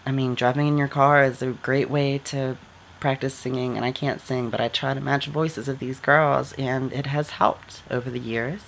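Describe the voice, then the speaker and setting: A woman's voice: rumbling low, steady tone, moderate pace, vocal fry, a little hiss or hum. Chatty woman giving casual advice. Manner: chatty, many "like" fillers. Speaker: vlogger.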